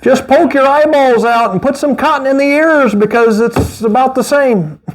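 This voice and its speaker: High-voiced animated preaching man. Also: normal speed. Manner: animated preaching with mocking asides and laughs. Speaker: pastor. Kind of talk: sermon.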